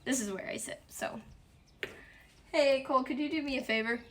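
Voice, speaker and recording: A woman's voice: high-pitched, moderate pace, a little hiss or hum. A woman in her twenties chatting casually at home while hosting a dinner livestream, talkative and giggly with frequent laughs. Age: 20s. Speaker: streamer hosting a dinner stream.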